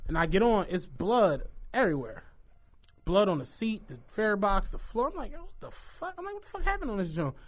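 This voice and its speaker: A young man talks on a podcast, his voice pitched high for a man and swinging widely as he tells stories. He acts out the lines of people in his stories and swears freely. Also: fairly quick. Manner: animated storytelling, acts out quotes, swears freely. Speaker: podcast co-host. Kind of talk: casual chat.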